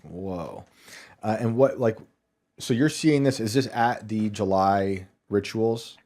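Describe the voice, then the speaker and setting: Low, mellow-voiced male podcast host. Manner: chatty, laughing, quick follow-up questions. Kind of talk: casual interview chat.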